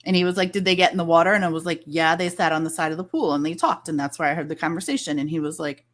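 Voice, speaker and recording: A woman guest telling a story in casual chat, animated and acting out the lines of others. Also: low-pitched, fast. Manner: animated, acts out quoted dialogue.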